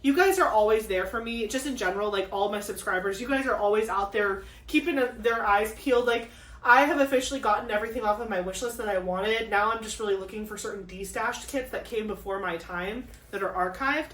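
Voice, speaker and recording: A young woman chatting casually while unboxing craft kits, gushing and excitable, with lots of fillers and gasps. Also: mid-range voice, brisk. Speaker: crafting vlogger. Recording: echoey room, mic at a distance.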